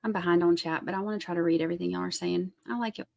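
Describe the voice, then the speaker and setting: A woman's voice: fairly low pitch, steady tone, very fast, gravelly, a little mellow. A woman with a Southern US accent hosting a casual livestream, rambling and chatty as she reads out viewer comments. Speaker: livestream host.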